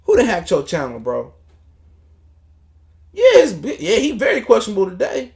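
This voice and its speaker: A man's voice: high voice, wildly swooping pitch, moderate pace, vocal fry, darkish tone. A man hosting a casual boxing livestream, ranting in a heated, profane, mocking way. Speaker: boxing talk show host.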